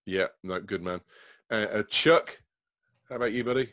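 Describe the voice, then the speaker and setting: A man hosts a casual tech panel over a video call, cursing freely and padding his talk with ums and uhs. His voice sits a little low. The sound is dry and close. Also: moderate pace, fairly bright tone, dry recording. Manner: swears freely, rambling with fillers. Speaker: podcast host.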